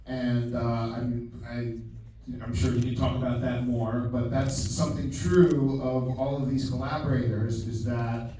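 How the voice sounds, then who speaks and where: A man's voice: medium pitch, little pitch movement, a little slow, mellow. A man directing a film, talking loosely at a live Q&A with many fillers and restarts, laughing easily. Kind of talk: casual live Q&A talk. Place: large theater stage. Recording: far-off mic in an echoey theater with faint noise.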